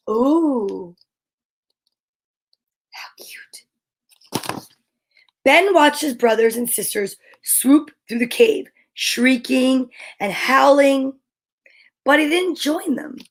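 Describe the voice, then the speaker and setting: A woman reading a children's picture book aloud, gentle, with whispered asides. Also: high voice, slow. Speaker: storyteller.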